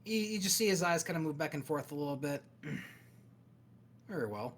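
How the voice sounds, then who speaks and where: A man running a cyberpunk tabletop game as game master, narrating scenes in a steady, descriptive way with pauses. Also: fairly high pitch, slight background noise.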